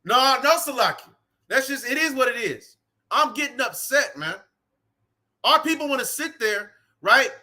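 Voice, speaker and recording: This street preacher's very high voice is bright, forceful, and animated at normal speed as he gives a fervent sermon in the cold outdoors, reading scripture and repeating "man" and "right" between the lines.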